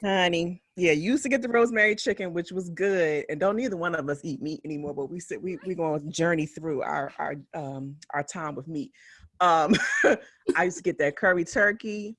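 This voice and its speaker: A woman's voice: on the low side, normal speed, no room sound. A woman in her forties from West Philadelphia, co-hosting a casual podcast chat, telling stories with lots of laughter and acted-out quotes. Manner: animated storytelling, laughs often, acts out quotes. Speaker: podcast co-host, physician.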